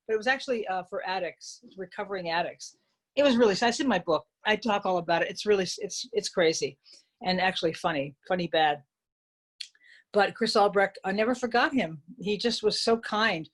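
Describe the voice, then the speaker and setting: A woman in her sixties, a comedian and writer, telling lively anecdotes with frequent laughter as a guest. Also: medium pitch. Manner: animated, laughing storyteller. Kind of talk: casual interview chat.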